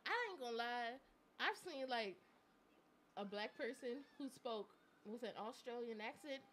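An American woman co-hosting a live talk show, joking loudly and laughing often. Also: fairly high pitch, a little slow. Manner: loud, laughing, joking, with playful bursts. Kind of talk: casual chat.

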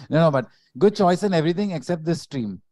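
A man's voice: on the high side, animated, normal speed, over a noisy crowd. A man co-hosting a casual livestream, playful and teasing. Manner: playful, teasing, laughs often.

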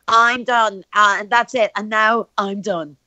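An Irish woman pitching a silly invention playfully as a guest in a party game stream. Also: takes it slowly, muffled recording. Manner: playful, animated joking pitch. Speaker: guest player. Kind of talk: casual game chat.

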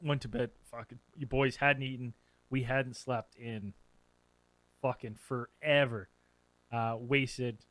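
A man co-hosting a podcast, casually telling a story to friends in an animated, profane way and acting out what people said. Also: medium pitch, slow, dry recording. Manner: animated, profane, acts out quotes. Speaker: podcast co-host.

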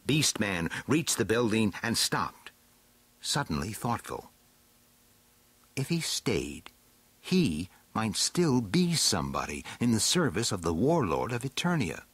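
Slow, husky male storybook narrator. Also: on the low side, sing-song, a bit bright, no room sound. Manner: slow, dramatic, swooping delivery. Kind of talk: storybook reading.

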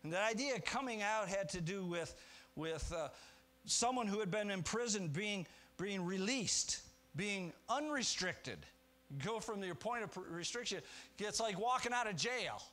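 A male pastor preaching with a slightly high voice. He moves between quiet, low reflective passages and raised, emphatic lines, and he asks the congregation rhetorical questions. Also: expressive, normal speed. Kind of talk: sermon.

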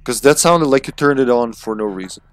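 A man's voice: mid-range voice, lively intonation, fairly quick. Chatty male game streamer. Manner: chatty, laughs often, thinks aloud. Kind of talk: casual co-op gameplay chat.

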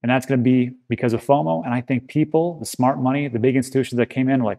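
Male crypto host, casual to-camera commentary, gravelly low-key voice, reassuring and chatty, lots of fillers. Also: fast, hardly any pauses, dark tone. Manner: conversational and reassuring, with frequent filler words.

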